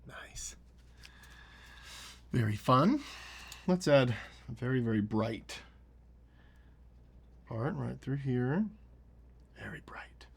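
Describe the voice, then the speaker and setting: Soft-spoken man murmuring while painting. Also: medium pitch, expressive, slow pace, vocal fry, pauses often, husky. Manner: soft-spoken, often dropping to a near whisper while working. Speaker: painting show host. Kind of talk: relaxed painting tutorial with running commentary.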